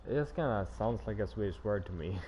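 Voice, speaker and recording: A man with a Japanese accent casually commenting on a game stream, chatty and deadpan, with muttered asides and some swearing. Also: lowish voice, fast talker, slight background noise. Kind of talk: casual gaming livestream commentary. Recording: voice over loud game music.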